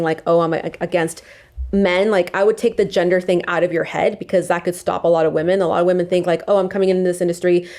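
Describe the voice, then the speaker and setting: Young woman guest, slightly low pitch, chatty filler-heavy delivery. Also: a little mellow. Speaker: podcast guest, sales rep. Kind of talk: casual podcast conversation.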